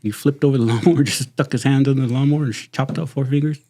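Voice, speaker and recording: A retired sheriff's deputy in middle age, with a Southern Californian accent, laughs through profane anecdotes while casually telling stories. He talks fast in a medium-pitched, dark-toned voice that stays steady.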